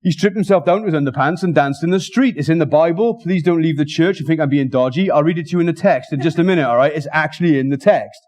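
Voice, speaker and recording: A man preaching a sermon in church, excitable and jokey, often rushing and restarting his sentences. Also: fairly high pitch. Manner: excitable, fast-talking, jokey.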